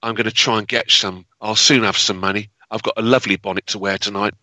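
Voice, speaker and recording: A man putting on a broke victorian street woman, offhand and defiant, bright forceful tone, dry close sound. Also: on the low side, steady tone, fast, no room sound, low-quality recording.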